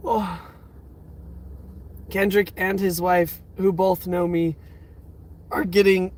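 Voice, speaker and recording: A man's voice: high voice, steady tone, extremely slow, gravelly, long pauses, darkish tone. A young man in his twenties hosting a live stream from his car, emotional and teary, with exclamations that keep tumbling out. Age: 20s. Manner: emotional, overwhelmed, repeating exclamations. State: teary, near crying. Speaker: livestream host. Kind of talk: casual live-stream chat. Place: inside a parked car.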